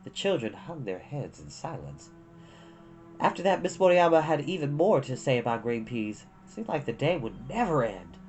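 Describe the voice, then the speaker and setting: A woman reading a novel aloud with expressive storytelling. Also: extremely low pitch, normal speed, faint music behind.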